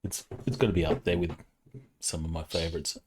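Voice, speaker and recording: A man with a very deep voice serves as game master for a tabletop session. He narrates in a relaxed, chatty way, with plenty of ums and loose phrasing. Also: fairly quick, noisy background. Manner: relaxed, conversational, with frequent fillers.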